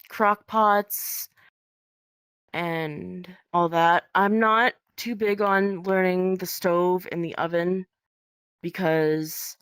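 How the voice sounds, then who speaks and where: A woman speaking as a podcast guest in casual conversation, hesitant with many pauses and ums. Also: on the low side, fairly bright tone, clear, resonant tone, no room sound, clean studio sound.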